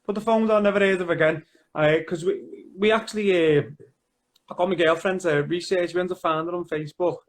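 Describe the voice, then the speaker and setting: Scouse male guest, higher register, plain-spoken storyteller. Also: steady tone, fairly quick. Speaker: interview guest. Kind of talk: casual interview chat.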